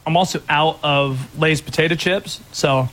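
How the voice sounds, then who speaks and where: A man co-hosting a casual podcast, playful and quick to laugh. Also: fairly high pitch, steady tone, fairly bright tone. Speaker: podcast co-host. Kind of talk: casual chat.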